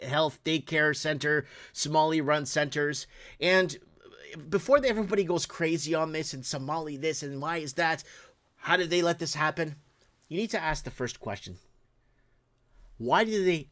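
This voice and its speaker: A middle-aged man hosts his show in a loose, rambling way, and the talk keeps turning heated. He fires off rhetorical questions, and his voice sits on the higher side for a man. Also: a bit bright. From Portugal, raised in Toronto area. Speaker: podcast host. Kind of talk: casual live-stream commentary.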